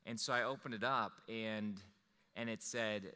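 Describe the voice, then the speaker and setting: A man telling a personal story to an audience, animated and rambling, with restarts. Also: lowish voice, unhurried, clean tone, long reverb tail. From Wisconsin.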